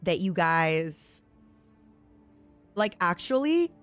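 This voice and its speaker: A woman's voice: fairly low pitch, big pitch swings, extremely slow, fairly bright tone, faint music behind. A woman streamer in casual chat, teasing and rambling playfully at a desk mic.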